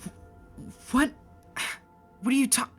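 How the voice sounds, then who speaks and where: A man's voice: takes it slowly, a bit bright, soft background music. A man voicing a frail, malnourished young boy who stammers through tears in a storybook-style game. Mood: tearful. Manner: stammering, breaking voice.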